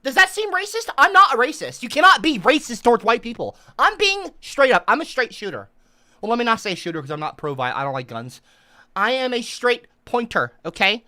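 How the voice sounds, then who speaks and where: A woman livestreamer ranting for comic effect, profane and bossy, lecturing her chat and breaking into shouted outbursts. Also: a little high, sing-song, fairly quick, no echo, studio quality. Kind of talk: comedic livestream rant.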